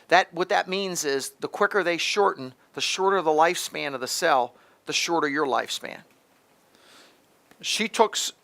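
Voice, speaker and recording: The host, a middle-aged pharmacist, has a fairly high, gravelly voice that sounds pushed and bright. Giving health advice, he's emphatic, speaks directly to the listener, and keeps restarting his sentences.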